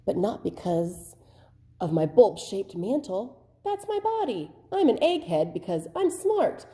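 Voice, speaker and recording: A woman's voice: mid-range voice, big pitch swings, measured pace, mellow. A woman playing a proud, brainy octopus. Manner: proud, playful show-off. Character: clever, boastful giant octopus. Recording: very echoey room, distant mic.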